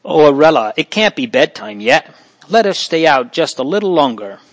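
An eager little boy from a storybook, pleading to stay out and play, as a male narrator puts him on. The voice is lifted well above a grown man's, bright and coaxing. It is recorded close and dry. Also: on the high side, sing-song, moderate pace, no room sound, voice pushed up. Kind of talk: audiobook reading.

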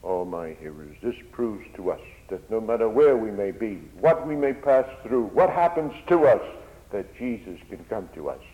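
With a lowish, mellow, expressive voice, a Dutch preacher delivers a sermon at normal speed, hardly pausing at all. He's impassioned, his voice rising and falling in volume, captured in a dull lo-fi recording.

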